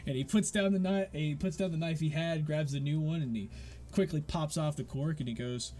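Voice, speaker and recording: A man's voice: a little high, a little fast, a little mellow. Rambling male game master. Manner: rambling with many fillers. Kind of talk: narrating a tabletop game.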